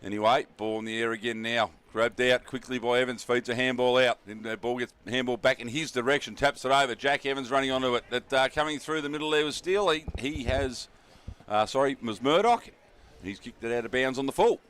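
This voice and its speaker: A man's voice: mid-range voice, fairly quick, fairly bright tone, clean tone. An Australian man calling a local football match, chatty and laid-back, with fillers and asides to his co-commentators. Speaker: play-by-play commentator.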